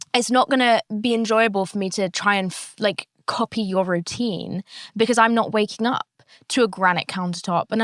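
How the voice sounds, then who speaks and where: A woman's voice: a little high, no room sound. Candid, chatty young woman. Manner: candid, chatty, swears freely. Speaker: podcast host. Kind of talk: casual solo podcast chat.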